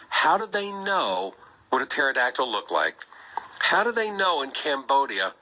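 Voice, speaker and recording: A man's voice: mid-range voice, sharp tone, rough recording. A man hosting a Christian apologetics talk show, speaking energetically and pressing the listener with rhetorical questions. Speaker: radio talk show host.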